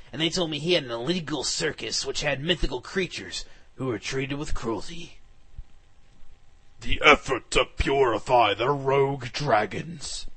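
A man giving a comic, mock-dramatic reading of fan fiction, sometimes bursting into shouts. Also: mid-range voice, breathy edge. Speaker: reader.

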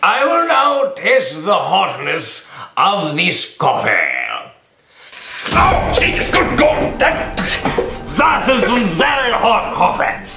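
A man voicing a pompous, bumbling male judge with a gravelly, booming, theatrical delivery. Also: big pitch swings, slow pace, sharp tone, faint music behind, full character voice. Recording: roomy echo.

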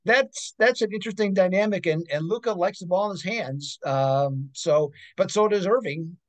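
A man's voice: sits high, moderate pace, no echo. A man co-hosting a sports betting podcast, talking casually and emphatically, often ending points with "okay?".

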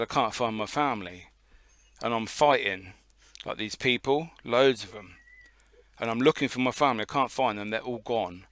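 Bright, sharp-voiced man telling a story. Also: mid-range voice, no room sound. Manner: rambling storyteller, swears often. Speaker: podcast co-host. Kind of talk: casual podcast chat.

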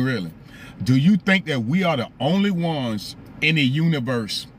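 A man's voice: on the high side, fairly bright tone. A man talks casually to his live stream audience. He keeps asking rhetorical questions and breaks off to greet viewers by name. There is faint noise in the background.

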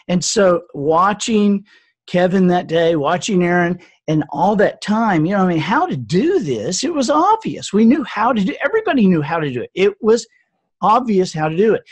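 Husky older man telling a story. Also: high-pitched, a little mellow. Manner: earnest, reflective storyteller. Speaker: author and speaker. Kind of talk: storytelling in a podcast interview.

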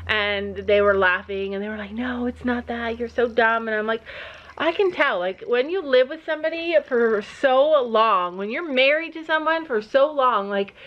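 A middle-aged woman, the mother of the family, chats casually in a family vlog, telling funny stories and laughing often. Her voice is medium-pitched and measured in pace, the recording is muffled, and the setting is the family home and horse barn.

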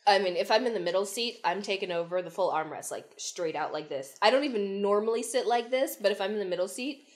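A woman's voice: medium pitch, lively intonation, fast talker. A young woman co-hosting a podcast, chatting casually in a wry, teasing way and acting out her own reactions. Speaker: podcast co-host. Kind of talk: casual chat.

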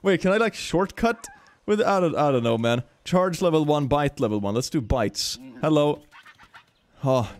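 A man streaming a video game, chatting and thinking aloud as he plays and often breaking into high laughter. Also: animated, normal speed. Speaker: gaming streamer. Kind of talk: live game commentary.

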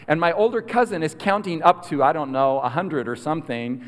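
A man preaching a storytelling sermon, animated and swinging from loud to hushed. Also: fairly high pitch, brisk. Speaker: guest preacher. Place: large hall at a school prayer week. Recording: long hall reverb.

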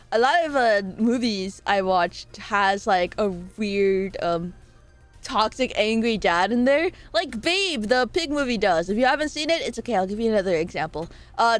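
A young woman streaming live, chatting playfully and rambling as she reads her chat aloud. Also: medium pitch.

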